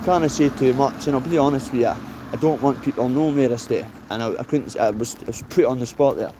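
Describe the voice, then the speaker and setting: A man in his late thirties with a Dundee accent rambles bluntly into a handheld phone while he walks outdoors in the rain. His voice sits mellow and dark, and he swears freely and tacks "mate" onto nearly every line. Faint noise runs underneath. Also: medium pitch, brisk. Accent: Dundee Scottish. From Scotland. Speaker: vlogger. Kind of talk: casual walking vlog.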